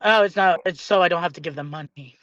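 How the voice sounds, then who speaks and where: A man's voice: high voice, fast talker, fairly bright tone, dry recording, muffled recording. A young man, a guest comedian, telling self-mocking stories in a rambling, casual way. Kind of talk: casual chat.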